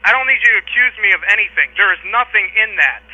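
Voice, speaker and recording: High-pitched defensive male clerk on the phone. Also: animated, fast talker, pushed and bright. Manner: defensive, flustered, rising to angry outbursts. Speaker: fast-food store worker. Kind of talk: phone conversation. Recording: tinny phone line.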